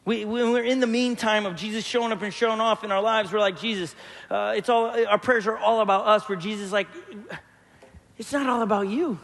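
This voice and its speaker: Man, pastor, sermon, humorous storytelling, high voice, long hall reverb. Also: fairly even intonation, fast, gravelly, fairly bright tone. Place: church hall.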